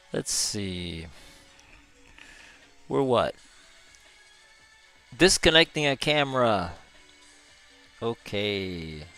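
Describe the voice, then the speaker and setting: A man's voice: on the low side, sharp tone, clean tone. A male gaming streamer giving live gameplay commentary in a chatty way, reading chat messages aloud and laughing often.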